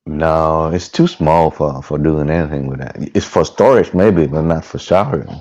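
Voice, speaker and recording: A man with a low voice chatting casually on a live stream through a headset mic, halting and restarting words, laughing easily. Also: a little mellow, muffled recording. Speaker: guest van dweller. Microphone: headphone headset mic.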